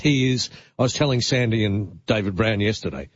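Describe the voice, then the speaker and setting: A man hosts talk radio, spinning a story with frequent chuckles. His voice has a faintly husky edge, sits close and dry to the mic, and comes through slightly dull. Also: fairly low pitch, lively intonation, a little fast, dry recording. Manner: chuckling, anecdotal, banters with co-host. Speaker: radio host. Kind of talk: casual radio chat and storytelling. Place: radio studio. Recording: dull studio audio.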